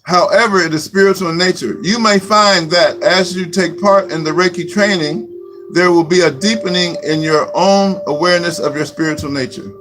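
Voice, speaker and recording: A man giving a slow, repetitive spiritual teaching talk as a Reiki teacher. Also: sits high, low-quality recording. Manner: slow, repetitive, chant-like phrasing. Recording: music playing behind.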